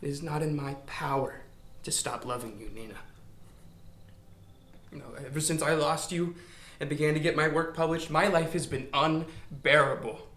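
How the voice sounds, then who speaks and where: An actor playing a despairing, lovesick young writer who pleads, swinging from hushed to shouting. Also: male voice, on the high side, normal speed. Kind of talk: stage drama scene on film. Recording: echoey room.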